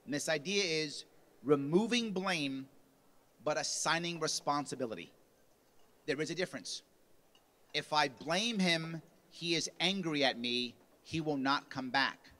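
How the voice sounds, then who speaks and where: In an unhurried, pushed and bright voice on the high side, a man gives a punchy motivational speech at a party convention. Set in the convention lunch hall, he acts out quotes, his voice climbing in volume.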